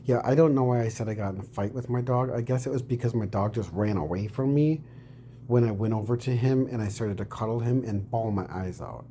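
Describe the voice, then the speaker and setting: A man's voice: mid-range voice, fairly quick, dark tone, a little hiss or hum. A man giving casual reaction commentary on his own clip, rambling and swearing, sometimes explaining things in a mock-preachy tone.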